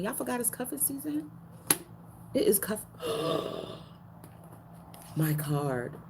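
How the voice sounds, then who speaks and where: A woman giving a casual spiritual card reading, talking in slang and repeating her phrases, her pitch jumping up now and then for emphasis. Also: noisy background.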